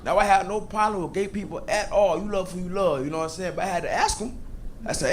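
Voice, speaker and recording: A stand-up comedian with a really high voice works a live audience a little fast, telling loud, animated stories and leaping into shouted voices for his punchlines. The live stage clip carries loud noise from a laughing crowd.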